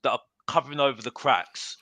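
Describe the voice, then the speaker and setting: A man's voice: mid-range voice, a little fast, bright, forceful tone, dry recording. A man, arguing and teasing in a heated football podcast chat, saying "bruv" often. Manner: argumentative, teasing, says "bruv" a lot. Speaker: podcast guest. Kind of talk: heated casual banter.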